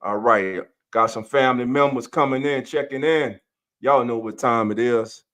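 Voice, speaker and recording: A man hosting a live sports podcast stream, casually greeting viewers by name in a loose, energetic way. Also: mid-range voice, moderate pace. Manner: loose, energetic, calls listeners family and baby. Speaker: podcast host.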